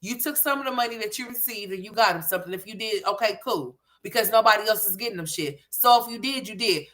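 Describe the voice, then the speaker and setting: Sassy bright-voiced woman roasting a vlog. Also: mid-range voice, quick pace. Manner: sassy, scolding, talks back at the screen. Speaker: commentary host reacting to a vlog. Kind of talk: profane reaction commentary.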